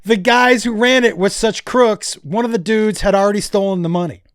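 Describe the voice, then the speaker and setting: Higher-voiced comedian spinning profane yarns. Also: male voice, normal speed, clean tone, dry recording. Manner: animated, profane storyteller. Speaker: comedian guest. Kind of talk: casual podcast chat.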